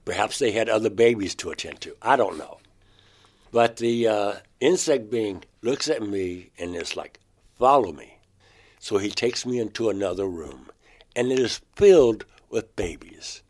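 Halting low-voiced man recalling an experience. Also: lively intonation, darkish tone. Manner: halting, restarts words, rises sharply when quoting himself. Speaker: interviewee, painter. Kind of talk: recounting a personal experience.

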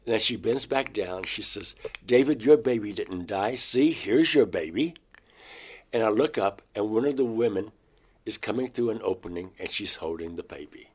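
A man recounting a personal experience in an interview, in a halting, emotional way. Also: on the low side, slightly rough.

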